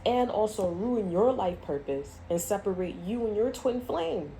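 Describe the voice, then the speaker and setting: A woman's voice: medium pitch, expressive, measured pace, mellow, a little hiss or hum, low-quality recording. A woman giving a casual tarot reading to camera, blunt and profane, often laughing and acting out quoted voices. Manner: acts out voices in quoted asides. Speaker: tarot reader.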